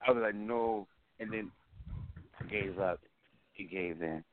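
A man calling in to a radio show, talking in a theatrical way with drawn-out exclamations. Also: on the low side, background noise. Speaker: caller. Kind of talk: prank call-in chat. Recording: tinny phone line.

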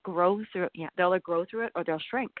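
A middle-aged woman chatting as an interview guest, animated and quick to laugh, with many fillers. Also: fairly low pitch, no echo. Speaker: interview guest, author and nutritionist. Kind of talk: casual interview conversation. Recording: tinny phone-like line.

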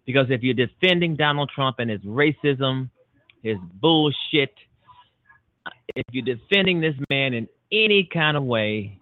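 A man's voice: on the high side, expressive, moderate pace, dry recording. A man hosting a political talk radio show, delivering emphatic, repetitive, punchy declarations. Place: Chicago-based internet radio show. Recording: tinny phone-like line, dry.

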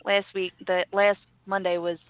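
A woman's voice: mid-range voice, little pitch movement, normal speed. A woman co-hosting a podcast in casual chat, playful and giggly. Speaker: podcast co-host. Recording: tinny phone-like sound.

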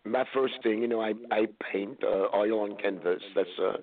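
A man from France with a French accent, a bit hoarse from a blown-out voice, chatting in a relaxed, rambling way as a guest author. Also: lowish voice, normal speed, a crowd in the background. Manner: relaxed, rambling, laughs often. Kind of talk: casual interview chat. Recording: tinny phone line.

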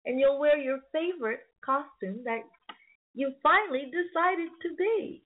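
A woman reading a bedtime story to children, slow and expressive, often laughing. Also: high-pitched. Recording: phone-like lo-fi sound, faint music.

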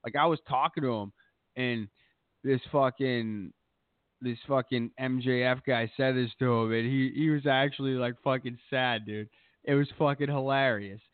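A man's voice: mid-range voice, fairly even intonation, normal speed, clean tone, no echo. A man co-hosting a podcast, telling rambling stories in casual, profanity-heavy chat. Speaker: podcast co-host. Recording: tinny phone-like sound.

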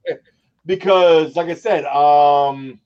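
A man co-hosting a sports radio show, excitable and self-mocking, swearing as he talks in casual banter. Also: a little high, takes it slowly, smooth, lo-fi sound. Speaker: co-host.

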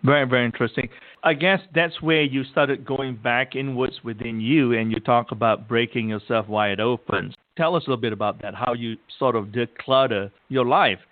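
A man's voice: mid-range voice, moderate pace. A male host asking interview questions, with encouraging responses to his guest. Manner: encouraging, frequent affirming murmurs. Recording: phone-like narrow sound.

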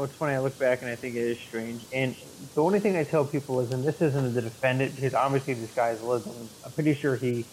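A man's voice: medium pitch, darkish tone, slight background noise, rough recording. A man co-hosting a podcast, talking casually about a movie in a rambling way, with many fillers and restarts. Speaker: podcast co-host. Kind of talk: casual movie review chat.

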